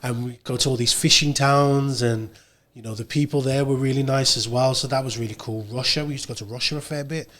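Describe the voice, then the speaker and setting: An English man, a radio presenter, chatting casually as a podcast guest, telling stories in a relaxed way and acting out the people he quotes. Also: medium pitch, a little fast. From England. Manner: relaxed storytelling, animated when quoting others. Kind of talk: casual conversation.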